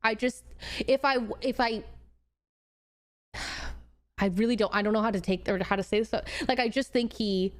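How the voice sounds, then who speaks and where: A woman's voice: on the high side, normal speed, pauses often. A woman in her twenties from Washington state, a streamer casually telling a story in a chatty, rambling way. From Washington state, USA. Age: 20s. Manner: chatty, rambling, full of fillers and restarts.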